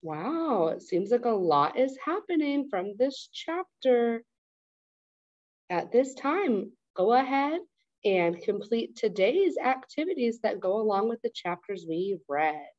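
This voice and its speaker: A woman's voice: fairly high pitch, very animated, slow pace, darkish tone, no room sound, dull audio. Woman teacher reading a story aloud. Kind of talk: read-aloud storybook narration.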